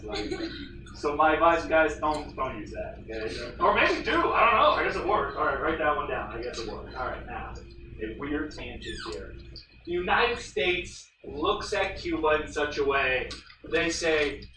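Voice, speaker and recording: A man's voice: a little high, moderate pace, echoey room, far from the mic, background noise. A male history teacher lecturing his class, telling stories and acting out the voices he quotes. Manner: animated storyteller, acts out quoted voices. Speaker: high school history teacher.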